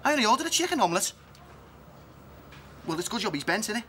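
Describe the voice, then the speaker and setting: A man's voice: high voice, sing-song, quick pace, bright, forceful tone, slight background noise, full character voice. An actor playing a jealous, foul-mouthed man who rants and makes threats in a TV comedy. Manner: accusing, ranting, threatening.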